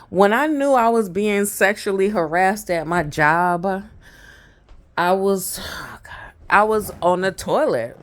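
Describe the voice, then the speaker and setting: A woman vlogger telling a personal story to her viewers, chatty and laughing often, with many fillers and asides. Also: on the low side. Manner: addresses viewers directly. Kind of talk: storytelling monologue.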